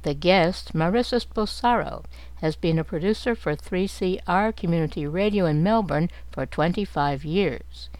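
A woman with a slightly low voice reads a scripted radio announcement in a clear, formal way. The sound is close and dry. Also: moderate pace, a little mellow, dry recording, low-quality recording. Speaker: radio presenter.

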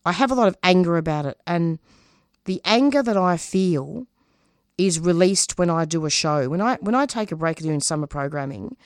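A woman's voice: on the low side, animated, normal speed, no room sound, studio quality. A woman from Australia, a radio producer and host, talking in an interview, earnest and passionate, often restarting her sentences. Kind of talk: casual interview talk.

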